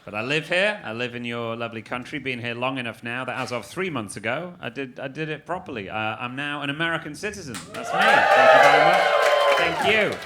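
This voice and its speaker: A man's voice: mid-range voice, expressive, fairly quick. A man doing a stand-up comedy set, teasing the crowd in a wry way. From England. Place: comedy club stage. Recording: loud audience noise in club.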